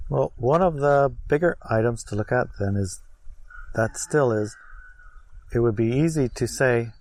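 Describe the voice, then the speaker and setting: Man, dry humor, mid pitch, close dry mic. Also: a little slow, darkish tone, no echo. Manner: dry joking banter. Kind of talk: casual conversation.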